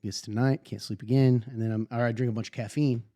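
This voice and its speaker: A man co-hosting a casual faith podcast chat, hoarse from a sinus illness and drowsy, clearing his throat often. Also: medium pitch, fairly even intonation, quick pace, mellow, dry recording, studio quality. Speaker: podcast co-host.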